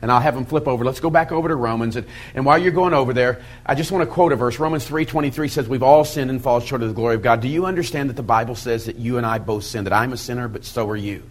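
Middle-aged male pastor, folksy teaching voice, mid pitch, lively quoted asides. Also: fast talker, hardly any pauses. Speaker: pastor teaching a Bible study method. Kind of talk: sermon-style teaching talk.

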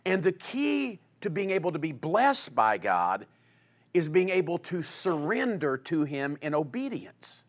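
Fairly high-voiced male pastor preaching. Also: big pitch swings, measured pace. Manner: dynamic delivery, swinging between loud emphasis and quiet, low asides. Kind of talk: sermon.

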